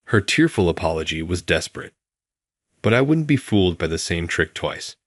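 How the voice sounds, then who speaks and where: Male narrator, very low voice, calm and even delivery, dry close recording. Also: normal speed, no room sound. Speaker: storyteller. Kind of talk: scripted first-person story narration.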